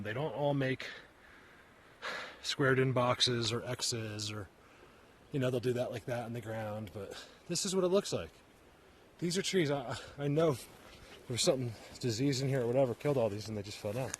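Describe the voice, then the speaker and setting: A man talks to his camera while walking through the woods, winded and rambling. His pitch sits in the middle of the range, and he repeats himself as he gets worked up. Faint outdoor noise runs under his voice. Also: moderate pace, long pauses, a bit bright. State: out of breath. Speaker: vlogger searching for Bigfoot signs. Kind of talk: casual walking commentary. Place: outdoors in a forest.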